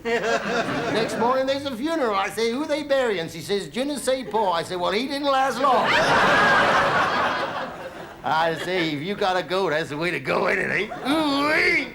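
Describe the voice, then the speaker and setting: A man's voice: high-pitched, animated, normal speed, pauses often. Man putting on a drawling hick American traveller. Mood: cheeky. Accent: put-on American Southern drawl. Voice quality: folksy drawl with "ooh-wee" whoops. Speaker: comedian in character. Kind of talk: 1970s TV stand-up monologue in character. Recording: 1970s TV studio with audience noise.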